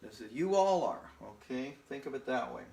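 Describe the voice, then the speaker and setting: A man's voice: mid-range voice, expressive, vocal fry, a little mellow, reverberant. A man teaching a Spanish lesson, explaining patiently and repeating himself, often checking in with "okay?". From northern United States. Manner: slow and repetitive, checking in with "okay?". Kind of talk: slow, patient classroom lesson.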